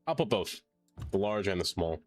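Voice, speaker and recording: Game streamer, male, lower voice, playful and theatrical, light music under. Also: big pitch swings, normal speed. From not American. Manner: playful, theatrical groans, reads chat aloud. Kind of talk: casual live-stream chat while playing.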